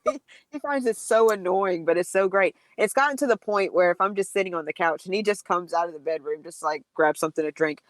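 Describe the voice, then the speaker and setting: A young adult woman co-hosting a casual podcast, telling stories in a chatty, animated way. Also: on the low side, a little fast, no room sound. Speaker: podcast co-host. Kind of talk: casual chat.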